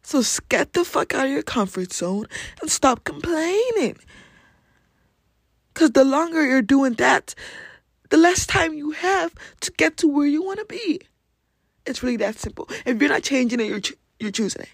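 A man's voice: very high-pitched, very animated, normal speed, vocal fry, dry recording. Blunt African-accented young man. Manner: blunt, emphatic, swears for emphasis. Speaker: podcast host. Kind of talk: motivational podcast monologue.

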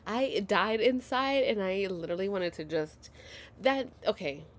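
A woman's voice: medium pitch, measured pace, slight background noise. A woman in her thirties telling a story to her viewers at home in a casual, dramatic and profane way, often dropping to a whisper. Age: 30s.

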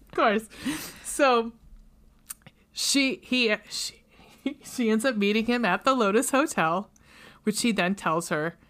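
A woman's voice: on the high side, takes it slowly, pauses often, fairly bright tone. A woman hosting a podcast, casually retelling a movie plot in a rambling, chatty way with many fillers, into a studio mic. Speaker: podcast host.

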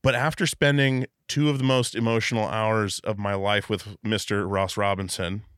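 A man's voice: fairly low pitch, fairly even intonation, normal speed, fairly bright tone, clear, resonant tone, no echo, clean studio sound. A man hosting a casual podcast interview, reflective and rambling with many restarts. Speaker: podcast host. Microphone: video call.

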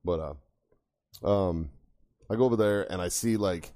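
A man's voice: low-pitched, unhurried. Profane man telling stories on a podcast. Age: older. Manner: swearing, shouts when acting out stories. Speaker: podcast co-host. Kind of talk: casual profane storytelling.

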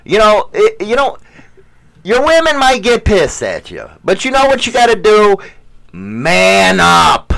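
A man with a high, animated voice that swings all over the place, talking in loose casual banter. He is crude and swears constantly, boasting and half-preaching his opinions as he jokes around with his co-host. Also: a little slow, creaky. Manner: profane, boastful, mock-preaching. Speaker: podcast co-host.

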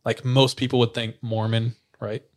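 A young man tells a story to a friend in relaxed podcast chat. He acts out what other people said and laughs along as he goes. His voice sits at an ordinary pitch for a man. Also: normal speed. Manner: animated storyteller, acts out quotes, laughs often.

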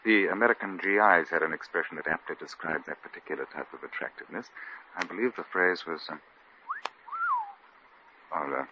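An actor playing a bored, suave lord with a dry, languid upper-class drawl, in 1940s radio comedy. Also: male voice, low-pitched, fairly quick, pauses often, background noise, natural voice. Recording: dull lo-fi old radio recording.

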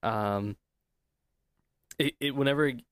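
A man's voice: medium pitch, slow pace, a bit bright, clean tone, no echo. A man co-hosting a casual home podcast, rambling and chuckling, close to a desk mic. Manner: laid-back, chuckling, rambling. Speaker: podcast co-host. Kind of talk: casual chat. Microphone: desk studio mic.

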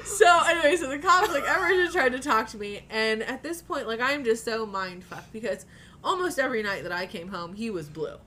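A woman's voice: on the high side, animated, brisk, pushed and bright, slight background noise. A woman telling a personal story in casual chat, candid and profane, often laughing as she talks.

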